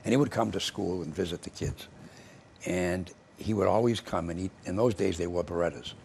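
Older male host, low and gravelly, chatty, meandering storyteller. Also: fairly quick, darkish tone, slight background noise. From Massachusetts, US. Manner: rambling storyteller, many restarts. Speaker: TV show host. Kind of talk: casual interview chat. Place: local cable TV studio.

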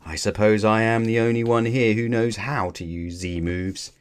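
A stern older teenage boy speaks in a measured, serious way in a children's storybook, as a man reads him. The voice is low and steady. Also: smooth, close to an everyday voice.

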